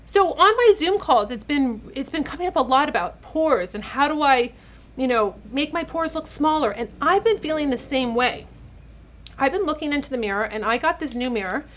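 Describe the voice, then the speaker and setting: A woman's voice: high voice, lively intonation, moderate pace, fairly bright tone. Chatty emotional woman in her forties, beauty vlogger. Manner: chatty, emotional, addresses viewers as ladies. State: teary. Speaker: beauty channel host, esthetician. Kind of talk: casual direct-to-camera vlog.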